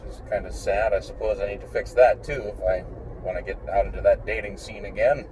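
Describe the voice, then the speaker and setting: A man's voice: lowish voice, fairly even intonation, fairly quick. A blunt, opinionated man who swears freely, rambling casually while he drives his car. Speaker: vlogger. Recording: distant mic in a car, faint engine noise.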